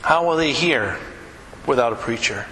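A man preaching a sermon as a pastor, telling a story with lively rises in pitch when he gets excited. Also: normal speed, slight background noise. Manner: animated storyteller, voice climbs high when excited. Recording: echoey hall with long reverb and faint ambience.

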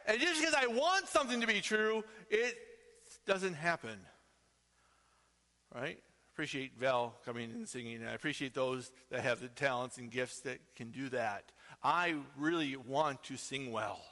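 A man's voice: high voice, normal speed, bright, forceful tone. A middle-aged man preaching a sermon as pastor, emphatic and full of rhetorical questions, in a church sanctuary. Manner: emphatic, peppered with rhetorical "right?". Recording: long reverb of a large hall.

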